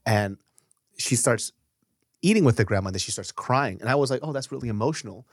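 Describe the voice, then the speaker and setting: Man, lively swinging voice, teasing, laughs a lot, casual podcast chat, dry close mic. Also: mid-range voice, a little fast, no room sound. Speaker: podcast co-host.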